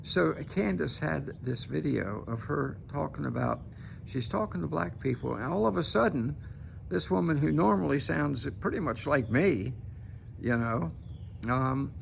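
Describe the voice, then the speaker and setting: A man with a heavily gravelly, rough-edged voice sitting a bit higher than most men's, delivering emphatic political commentary straight to camera. He hammers his points and keeps checking in with his listeners with a quick "okay?". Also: lively intonation, a little hiss or hum.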